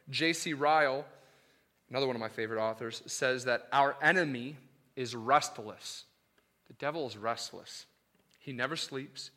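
A male pastor preaching a sermon in an animated, emphatic, conversational way. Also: fairly high pitch.

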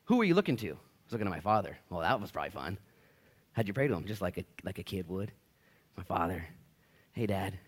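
A man's voice: sits low, big pitch swings, racing. A man preaching a sermon, casual and conversational, acting out little asides as he teaches. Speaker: pastor. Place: church.

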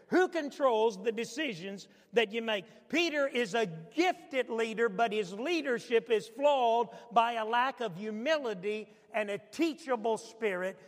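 A man's voice: very high voice, long reverb tail. A man preaching a sermon, asking his congregation rhetorical questions with building intensity. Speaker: pastor.

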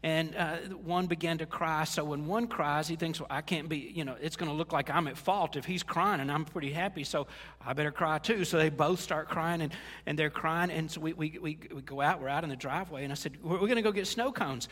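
Older guy preaching, kinda high voice, chatty and folksy, big echoey church. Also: brisk, fairly bright tone. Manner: conversational, with stumbles and folksy asides. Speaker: pastor. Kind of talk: sermon. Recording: reverberant hall.

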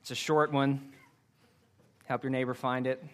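A man's voice: medium pitch, flat delivery, measured pace. A man preaching a sermon to his congregation, earnest and careful, with frequent fillers. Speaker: pastor.

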